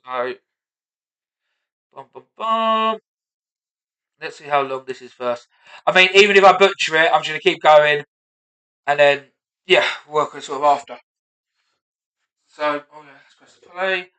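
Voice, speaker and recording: A man's voice: fairly high pitch, moderate pace, pauses often, pushed and bright. A man, a stand-up comedian rehearsing his set aloud, self-mocking and sweary, muttering asides between punchlines. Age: 30s. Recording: roomy and distant.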